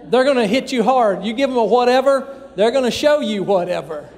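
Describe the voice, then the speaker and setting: A man's voice: very high voice, animated, brisk, a little mellow, a little hiss or hum. A man preaching a sermon as pastor, talking conversationally with frequent fillers, recorded in a church sanctuary. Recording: long church hall reverb.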